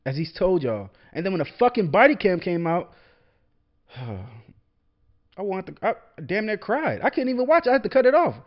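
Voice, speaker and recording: A man's voice: sits high, wildly swooping pitch, normal speed. A young man talking alone on a casual show, heated and profane, stumbling and repeating words as he gets worked up. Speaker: podcast host, military veteran. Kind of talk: casual solo monologue. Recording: dull lo-fi sound.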